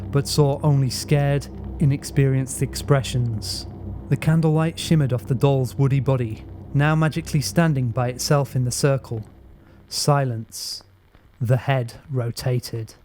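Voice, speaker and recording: A man narrating a first-person horror story in a measured, steady storytelling voice. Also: medium pitch, no room sound. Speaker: audiobook narrator.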